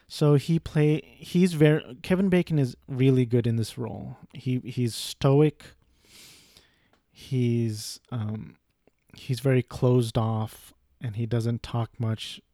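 A man's voice: mid-range voice, mellow, no echo, clean studio sound. A young man giving a casual, rambling film review, swearing freely and breaking off into asides. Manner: rambling, profane, frequent restarts and asides.

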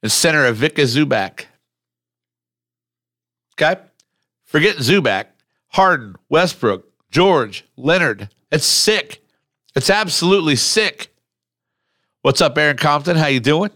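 A male podcast host in casual, animated chat, blunt and quick to swear. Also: fairly high pitch, no room sound, studio quality.

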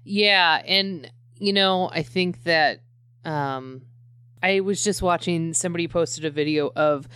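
A woman's voice: fairly low pitch, slow pace, a bit bright, clear, resonant tone. A woman in her thirties chatting casually as a podcast co-host, rambling with many fillers and restarts. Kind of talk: casual chat.

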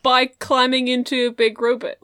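A woman's voice: high-pitched, monotone, normal speed, fairly bright tone, clean tone, no room sound. A woman co-hosting a podcast in casual, wry banter, swearing freely. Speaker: podcast co-host. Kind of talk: casual chat.

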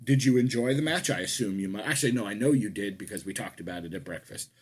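A man's voice: lowish voice, fast, husky. A man co-hosting a casual wrestling podcast, talking in a rambling way that keeps correcting itself. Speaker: podcast co-host.

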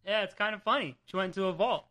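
Racing along in a high-pitched voice, a young New Jersey man co-hosts a comic book podcast. The chat is casual and animated as he ribs his co-host and swears freely.

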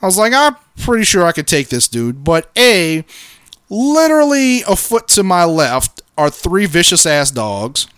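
A man's voice: sits high, measured pace, smooth, no echo, studio quality. A man co-hosting a podcast, telling a story in casual chat, swearing freely and acting out what people said. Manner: profane, animated, acts out quotes. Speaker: podcast co-host.

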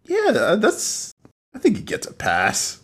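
A young man teasing his friends with quick, joking questions. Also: high voice, huge pitch swings, fairly bright tone, breathy edge. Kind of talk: casual banter.

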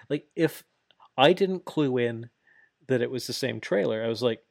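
A man co-hosting a podcast in casual chat, animated and laughing often, swearing freely. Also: mid-range voice, normal speed, vocal fry, no echo, studio quality. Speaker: podcast co-host.

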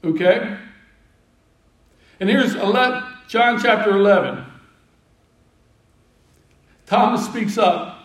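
High-voiced preacher, distant and echoey. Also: male voice, takes it slowly, pauses often, a bit bright. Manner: storytelling, acting out disciples' voices with humor. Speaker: pastor. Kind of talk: sermon.

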